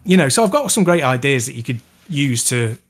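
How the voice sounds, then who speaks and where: Enthusiastic podcast co-host. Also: male voice, mid-range voice, very animated, a little fast. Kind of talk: casual chat.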